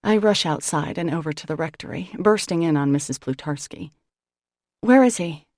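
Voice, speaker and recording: A woman narrating a novel in the first person with expressive storytelling on a close studio microphone. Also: sits low, brisk, no echo. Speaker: audiobook narrator.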